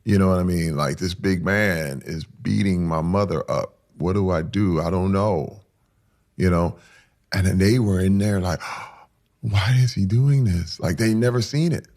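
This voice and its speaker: A man in his forties telling a painful personal story in rough, casual speech that builds to loud intensity. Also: sits low, unhurried.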